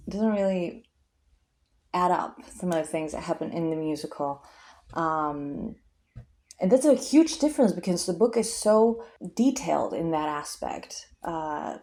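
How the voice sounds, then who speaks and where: A woman's voice: fairly low pitch, darkish tone. A young woman vlogger rambling casually about a book, chatty and full of fillers and tangents.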